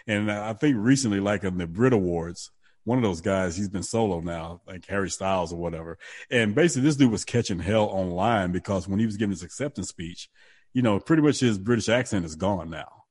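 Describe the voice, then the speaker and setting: A man's voice: low voice, a little fast, a little mellow. A man in casual conversation who rambles, restarts his sentences and laughs often. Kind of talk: casual podcast chat.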